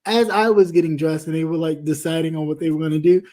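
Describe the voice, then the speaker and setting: A man in casual chat, telling a story with lively acted-out voices. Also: a little high, fast, a little hiss or hum. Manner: animated storyteller, acts out quoted voices. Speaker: co-host.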